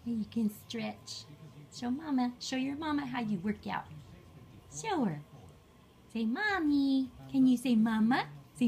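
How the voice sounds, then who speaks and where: A woman speaking baby talk to an infant, her voice high and swooping through a wide range. She coaxes and repeats words slowly, drawing them out. The tone stays sing-song the whole way through. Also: animated, darkish tone, a little hiss or hum. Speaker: caregiver filming a baby.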